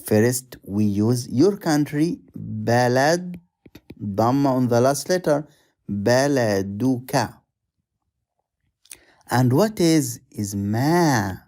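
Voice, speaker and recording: Slow, patient teacher, low dark voice. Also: male voice, lively intonation. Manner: patient, repeats each word slowly and drills it. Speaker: Arabic teacher. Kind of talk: slow explanatory lesson.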